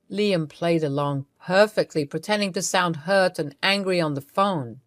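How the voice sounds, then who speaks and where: A woman's voice: lowish voice, moderate pace, few pauses, no echo. Woman storytime narrator, amused and conspiratorial, dry close read.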